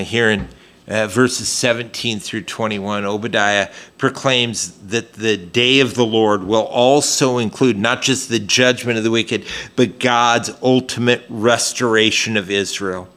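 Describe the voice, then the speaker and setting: A man's voice: fairly low pitch, pushed and bright. A man preaching a sermon in a conversational way, with frequent fillers and restarts as he explains scripture. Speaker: pastor.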